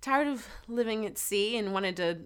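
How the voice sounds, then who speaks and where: A woman's voice: mid-range voice, normal speed, clean tone. A young woman from Georgia, a singer guest in a casual interview, telling stories animatedly and acting out quoted asides. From Georgia, USA.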